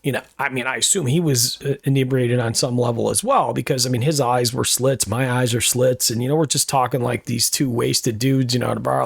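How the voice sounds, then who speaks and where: Middle-aged male podcast host, gravelly, dry close sound, rambling reflective storyteller. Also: medium pitch, steady tone, brisk, few pauses, no echo. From Rochester, New York area. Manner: rambling, self-correcting, reflective. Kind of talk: personal storytelling monologue.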